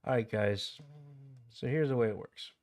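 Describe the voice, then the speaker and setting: Canadian man, game livestream host, chatty and rambling, medium pitch. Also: moderate pace, a little mellow. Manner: rambling, digresses into anecdotes, reads chat aloud. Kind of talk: casual livestream chat about a game.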